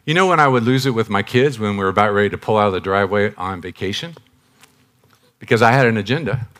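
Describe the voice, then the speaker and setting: Older man preaching with loud and hushed turns. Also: mid-range voice, animated, fairly quick. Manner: swings from loud emphatic bursts to soft hushed phrases; confessional and direct, repeats key phrases. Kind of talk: sermon.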